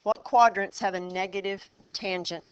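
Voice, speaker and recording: A woman's voice: mid-range voice, steady tone, smooth, no echo. A woman teaching a math class, quizzing her students and walking them through problems step by step. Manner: quizzing the class, brisk and encouraging. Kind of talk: classroom lesson.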